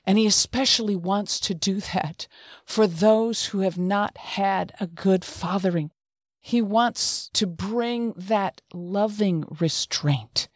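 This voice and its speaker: A woman's voice: mid-range voice, slow, no echo, studio quality. A middle-aged woman hosting a Christian talk show, telling stories in an earnest, conversational way with frequent restarts. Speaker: host.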